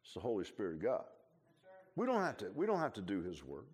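A man's voice: fairly low pitch, wildly swooping pitch, fast, darkish tone, slightly rough. Man preaching a folksy, conversational sermon. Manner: folksy, repeats and restarts phrases, humorous asides. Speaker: pastor.

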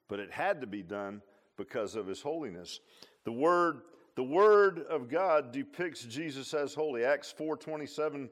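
A man preaching a sermon. He swings between loud, emphatic lines and low, quiet asides, often repeating and restarting phrases.

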